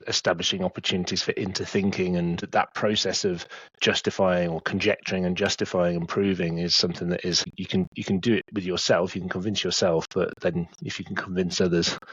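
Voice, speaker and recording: A man, a maths educator, speaking in a measured, thoughtful way in a casual podcast discussion. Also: sits low, a bit bright, breathy edge, no room sound. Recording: dull, dry lo-fi sound.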